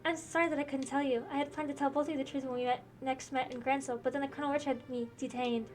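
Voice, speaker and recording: A woman plays a gentle young princess from a game, polite and earnest. She speaks softly and formally, in a high voice at a quick pace. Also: fairly even intonation, close to an everyday voice. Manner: soft-spoken, formal.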